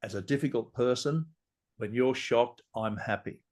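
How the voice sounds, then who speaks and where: A man, a communication trainer and podcast guest, who tells stories in an animated way, laughs often and acts out scenes. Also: mid-range voice, moderate pace. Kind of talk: casual interview talk.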